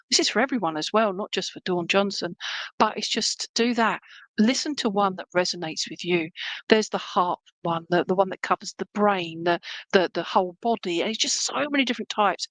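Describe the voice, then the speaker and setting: A woman talks viewers through live readings in a chatty, rambling way, checking in with "okay?" as she goes. Her voice sits at a middling pitch. The sound is dry and close, with no room around it. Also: no echo, low-quality recording. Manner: warm, chatty, meandering, lots of fillers and "okay?". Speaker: psychic medium doing live readings. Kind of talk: live-stream reading, casual chat to viewers.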